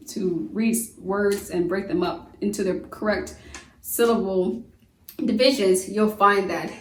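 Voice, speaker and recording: A woman teaching a phonics lesson, slowly sounding out the syllables of words. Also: medium pitch, far from the mic. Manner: slow, stretched sounding-out of syllables. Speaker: homeschool teacher. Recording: echoey room, voice off-mic.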